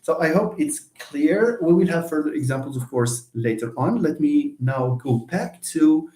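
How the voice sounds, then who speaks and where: A man giving a live online syntax lecture, explaining slowly with many fillers and restarts. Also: fairly high pitch, animated, dark tone, reverberant. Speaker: linguistics lecturer.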